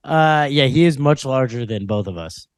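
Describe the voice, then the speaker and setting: Laid-back podcast co-host, dry close sound. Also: male voice, mid-range voice, lively intonation, normal speed, clear, resonant tone, dry recording. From Minnesota. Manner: laid-back, laughs often, self-mocking. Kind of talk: casual chat.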